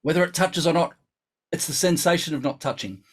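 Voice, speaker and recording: A man's voice: on the high side, fairly quick, husky. Chatty man teaching brass. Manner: chatty, instructive, thinks aloud. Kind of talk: live online lesson.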